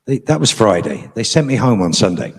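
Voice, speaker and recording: A man's voice: on the low side, sing-song, brisk, slightly rough. A middle-aged man, a guest on a convention panel, telling a story to a live audience in a frank, profane, dryly humorous way.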